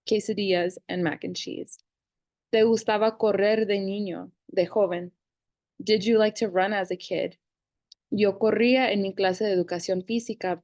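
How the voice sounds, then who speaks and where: A young woman in her twenties teaching a casual grammar lesson, reading verb forms slowly and clearly. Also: mid-range voice, darkish tone, dry recording. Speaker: Spanish teacher.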